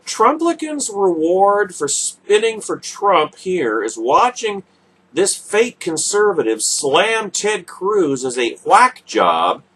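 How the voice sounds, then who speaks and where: A male radio host drawls through a sarcastic political monologue at an unhurried pace. His voice is husky and sits a little high, and it swings widely in pitch as he mocks his targets. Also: a bit bright. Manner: sarcastic, mocking.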